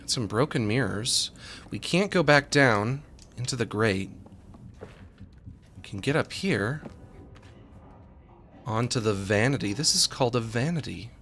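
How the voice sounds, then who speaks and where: A man's voice: mid-range voice, lively intonation, a little slow, pauses often, a bit bright, a little hiss or hum. A man streaming a co-op game, joking and chatting casually with his partner as he plays. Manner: joking, talks to his co-op partner while playing. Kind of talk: casual let's-play chatter.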